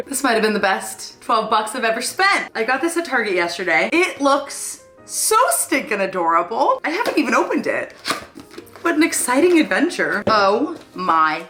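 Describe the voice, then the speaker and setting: A woman's voice: on the high side, very animated, moderate pace, pushed and bright, faint music behind. A young woman in her twenties chatting through a cooking vlog in her home kitchen, bubbly and self-deprecating. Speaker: lifestyle vlogger. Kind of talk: casual cooking vlog chat.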